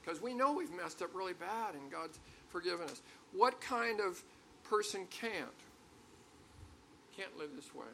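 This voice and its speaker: Older guy preaching, raised pitch, gravelly edge, chatty then pushing hard on the big points. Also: expressive, unhurried, long pauses, pushed and bright, slight background noise. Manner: conversational, storytelling, building to emphatic peaks. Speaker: pastor. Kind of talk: sermon.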